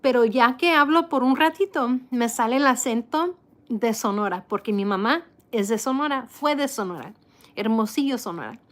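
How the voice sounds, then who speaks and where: A woman's voice: on the high side, expressive, fairly quick, a bit bright. A woman with an American accent hosting a casual live chat, talking loosely and switching between English and Spanish. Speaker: live stream host.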